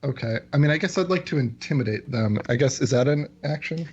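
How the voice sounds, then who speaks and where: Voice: medium pitch, animated, fairly quick, darkish tone, slight background noise. A tabletop player asking hesitant questions about the rules. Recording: dull lo-fi recording.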